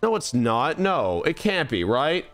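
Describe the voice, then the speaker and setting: High, lively young male streamer. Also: unhurried, soft background music. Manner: rambling, exasperated, self-mocking. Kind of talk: casual gameplay commentary.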